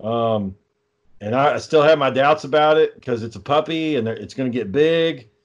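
A young man tells a story in casual chat, swearing heavily and ranting in an exasperated way. His pitch sits in an ordinary middle range, his pace is moderate, and the sound is lo-fi.

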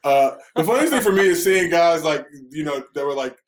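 Man, slightly high voice, casual chat, profane, lively storyteller. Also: fairly quick. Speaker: former college basketball player.

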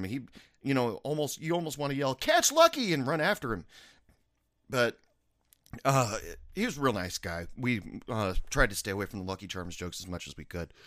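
Young male podcast host, lively storyteller with a big, swinging pitch and a dry, close sound. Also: dry recording. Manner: animated storytelling, joking. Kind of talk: casual chat.

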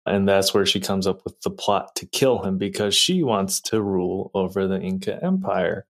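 A man co-hosting a podcast, chatting in a relaxed, dry way about a movie and laughing easily. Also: deep voice, moderate pace. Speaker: podcast co-host. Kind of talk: casual movie chat.

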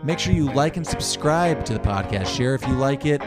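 A man's voice: medium pitch, expressive, brisk, loud music behind the voice. A man co-hosting a casual movie podcast, laid-back, laughing often and trailing off with fillers. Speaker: podcast co-host.

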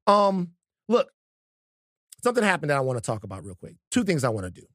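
A man in his thirties hosting a podcast, talking in an animated, joking and profane way. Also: a little high, fast. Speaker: podcast host. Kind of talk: casual chat.

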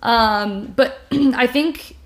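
Speaking in a higher voice and drawing out her words, a young video creator and podcast host rambles candidly through a casual conversation about making videos, full of fillers and false starts.

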